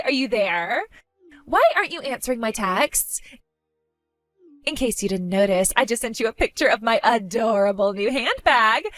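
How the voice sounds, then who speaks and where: A woman's voice: on the high side, a bit bright, dry recording. A woman voicing a spoiled, bratty young woman who taunts her older sister in a mocking, sing-song way. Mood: demanding. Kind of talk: animated story voice acting.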